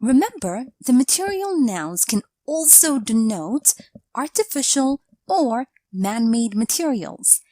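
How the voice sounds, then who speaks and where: Woman grammar teacher for a scripted lesson, slow and measured, bright-ish higher voice, dry close sound. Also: sing-song, dry recording. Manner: measured, explanatory delivery reading out example sentences.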